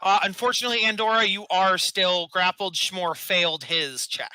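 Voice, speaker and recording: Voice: medium pitch, fairly even intonation, moderate pace, pushed and bright, dry recording, poor audio. A game master running a tabletop game, hesitant and full of ums, often laughing.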